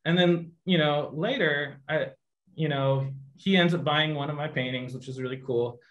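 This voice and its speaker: A man's voice: fairly high pitch, moderate pace, lo-fi sound. A man, a guest artist, casually telling a story to an online audience and acting out the voices in it. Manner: animated anecdote teller, acts out voices in quotes. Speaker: guest artist giving a painting demo.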